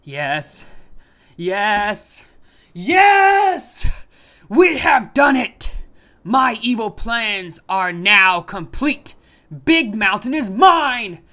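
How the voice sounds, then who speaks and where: A theatrical male mad scientist from a comedic game playthrough, all booming proclamations and manic cackles. His voice is bright and sharp, leaping up and down in pitch, and he takes his time with every line. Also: sing-song, very slow, full character voice. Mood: triumphant. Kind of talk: comedic fan voice-acting over a game.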